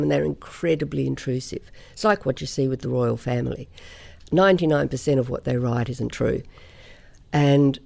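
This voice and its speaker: She is a middle-aged woman from Australia, chatting as a guest in an interview. Her voice has a gravelly edge and a dark, mellow tone. She tells her stories in a lively way and laughs often. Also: deep voice. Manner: chatty storyteller, quick to laugh. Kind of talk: casual interview chat.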